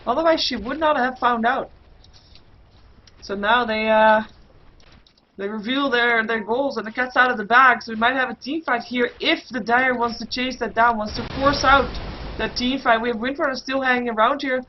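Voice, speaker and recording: A woman casting an online game match solo, calling the action play by play and getting louder in the fights. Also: a little high, a little hiss or hum. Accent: Dutch. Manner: rapid play-by-play, excited bursts in fights, many fillers. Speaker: esports caster. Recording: muffled lo-fi stream audio.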